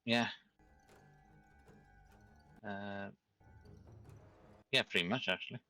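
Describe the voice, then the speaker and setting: Male player, teasing, low but bright and forceful. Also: slow pace, clean tone, faint music behind. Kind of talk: casual game chat.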